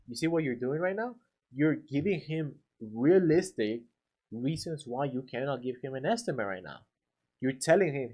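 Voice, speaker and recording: A man coaching painters on sales in a relaxed, conversational way. He often slips into acted sample lines and fills his speech with casual fillers. His voice sits at an ordinary middle pitch. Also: moderate pace, breathy edge. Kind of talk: casual instructional talk to camera.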